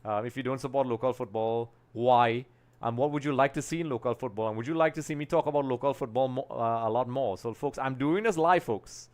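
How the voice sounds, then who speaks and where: A young man's mid-range, darkish voice moves at a brisk clip on his live football talk stream. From Trinidad and Tobago, he keeps things casual, rambling slightly and thinking out loud as he works through what's on screen.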